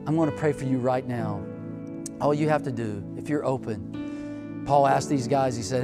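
A man preaching a sermon, telling personal stories, moving from hushed, intimate passages to loud, excited ones. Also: mid-range voice, moderate pace, big-room sound, loud music behind the voice. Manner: storytelling, swings from hushed to loud.

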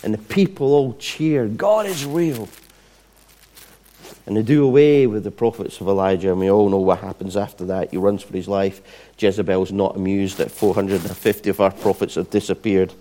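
A man delivers a sermon in a storytelling style. His voice sits on the low side and sounds warm and mellow. He acts out the voices of the people in the story with lively, playful asides. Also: a little fast, hardly any pauses. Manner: animated retelling with voiced asides and restarts. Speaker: preacher.

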